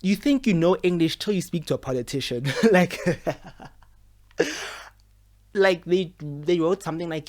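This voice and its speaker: A young man, talking casually to camera at home. He is expressive and frustrated, and he uses lots of fillers. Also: a little high, normal speed. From South Africa. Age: 20s. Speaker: medical student vlogger. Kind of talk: casual vlog monologue. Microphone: camera with a mic.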